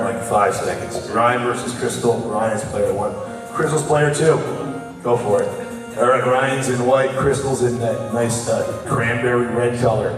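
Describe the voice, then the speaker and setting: A hoarse man who has nearly lost his voice hosts a live game challenge at a convention panel, teasing the players with joking play-by-play. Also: medium pitch. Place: large convention hall. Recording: echoey hall, from far off, audience crowd.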